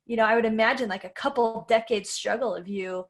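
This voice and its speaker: Enthusiastic higher-voiced woman host. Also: brisk. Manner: enthusiastic, lots of filler words. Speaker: podcast host. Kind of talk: casual chat.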